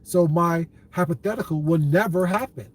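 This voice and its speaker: A man's voice: a little high, normal speed. A man hosting a casual livestream, answering his viewers' comments in a blunt, dismissive way and calling them baby. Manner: laughs often, talks back to chat.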